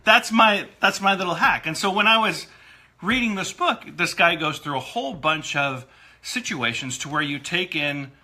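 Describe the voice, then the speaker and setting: A man's voice: high-pitched, animated, normal speed, bright, forceful tone. A man co-hosting a casual talk show about marriage, self-deprecating and laughing often. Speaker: co-host and producer. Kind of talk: casual chat.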